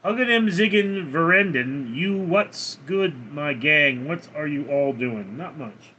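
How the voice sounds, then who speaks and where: A man's voice: a little high, animated, takes it slowly, sharp tone, lo-fi sound, a little hiss or hum. A man casually chatting on a live stream, reading out viewer names and comments in a laid-back, chuckling way. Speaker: livestreamer reading chat.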